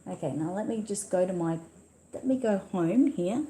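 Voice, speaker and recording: A chatty Australian woman hosts a casual livestream from her computer, reading viewer comments aloud as she goes. Her voice sits at an ordinary middle pitch, and the room gives it a noticeable echo. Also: animated, normal speed, warm tone. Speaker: livestream host.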